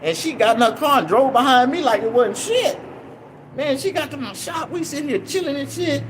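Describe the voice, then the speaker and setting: A young man casually telling a rambling, profane story in an animated way. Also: very high voice, brisk, noisy background. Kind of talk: casual anecdote.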